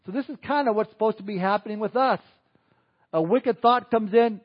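Male pastor, conversational sermon, chuckling asides, slightly high voice, muffled lo-fi sound. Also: a little fast.

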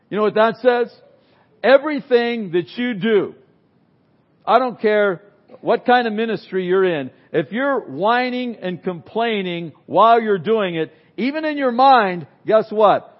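A man preaching an unscripted sermon, swinging from loud emphasis to near-whispers and acting out complainers in quick asides. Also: high-pitched, muffled recording. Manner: animated, swings from loud to very quiet. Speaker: pastor.

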